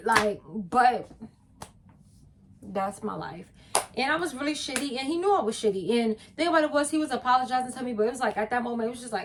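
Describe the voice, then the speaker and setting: A young woman tells a personal story in a blunt, profane, animated way. Her voice sits a little high, with a faint hiss behind it. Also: brisk. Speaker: vlogger. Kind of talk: casual storytime.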